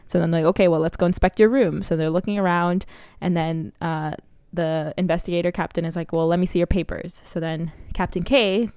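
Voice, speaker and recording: A woman's voice: on the low side, steady tone, fairly quick, hardly any pauses, darkish tone, smooth, no room sound, clean studio sound. A woman co-hosting a podcast, chattily recapping a movie plot with lots of fillers. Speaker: podcast co-host. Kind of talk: casual movie review chat.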